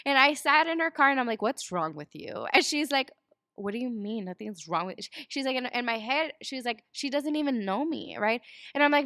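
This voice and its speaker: A woman's voice: high-pitched, fairly quick, no echo, clean studio sound. A woman in her twenties, a podcast guest, telling stories in casual chat and acting out quoted dialogue. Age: 20s. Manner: animated storyteller, acts out quoted dialogue, laughs often.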